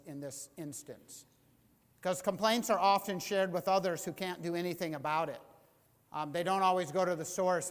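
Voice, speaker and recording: A man preaching a sermon as pastor. He gets animated and acts out the voices of the people he quotes. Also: fairly high pitch, in a large hall. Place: church sanctuary.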